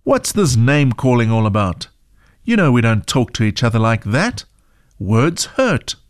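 A man's voice: medium pitch, very animated, normal speed, dry recording, clean studio sound, lightly acted. A man doing a firm, scolding mother. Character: stern caring mother of two kids.

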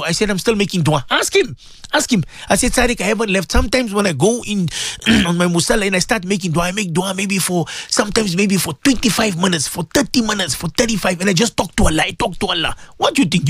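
Fervent cleric praying with high cries. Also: male voice, fairly bright tone, dry recording, studio quality. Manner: fervent, repetitive, tearful pleading with sudden high cries. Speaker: Muslim cleric hosting a radio dua session. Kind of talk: impassioned radio supplication.

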